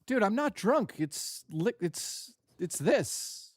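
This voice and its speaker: A man hosting a live reaction stream, joking loudly, swearing and rambling crudely at a desk mic. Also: high-pitched, sing-song, slow pace, no room sound, clean studio sound.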